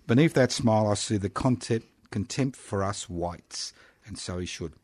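A man's voice: on the low side, normal speed, darkish tone, no echo. A man in his sixties with an Australian accent, hosting a casual community radio chat in a studio, teasing and jokey. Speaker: radio host.

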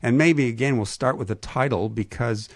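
A man's voice: mid-range voice, no echo. Canadian man hosting a radio interview. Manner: halting, stumbles over names. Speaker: radio host. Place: radio studio.

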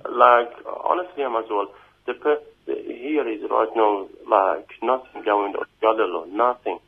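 A man whose first language is not English, speaking in a halting, emotional way on a phone interview, with many restarts and repeated "you know what I mean". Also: on the low side. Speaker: immigration detainee giving an interview. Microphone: phone call. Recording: tinny phone line.

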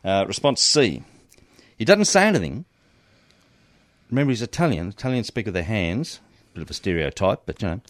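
A man co-hosting a relaxed sports talk show. He sets out scenarios in a halting way, full of ums and uhs, with a slightly low voice. The sound is dry and close. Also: dry recording. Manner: quizzing, hesitant with many ums. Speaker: co-host. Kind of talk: casual sports chat.

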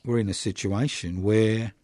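A man's voice: fairly low pitch, steady tone, normal speed, a little mellow, dry recording, studio quality. An older man hosting a radio show, giving passionate, indignant political commentary with mocking asides. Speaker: radio host.

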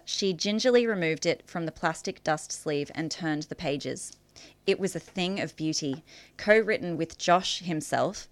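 A woman author reading a passage from her own novel aloud in a measured, clear way. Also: low-pitched, no room sound.

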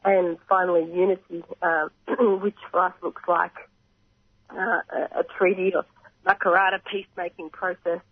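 An Australian man with a croaky voice, earnestly explaining his organisation's work in a radio interview, pausing often and clearing his throat. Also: high-pitched, little pitch movement, no room sound. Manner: earnest, measured, frequent pauses and throat clearing. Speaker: reconciliation organisation representative. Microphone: phone line. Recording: tinny phone line, dry.

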